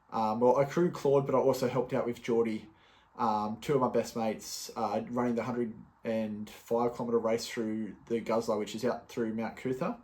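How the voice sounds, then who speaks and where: A man's voice: medium pitch, darkish tone. A young man talking casually on his solo podcast, loose and chatty, with many fillers and restarts. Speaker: podcast host.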